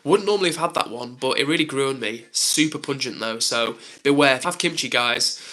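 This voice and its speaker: A man's voice: medium pitch, fairly quick, sharp tone. A young man on a live stream, chatting casually and reading out comments with lots of "like" and "um".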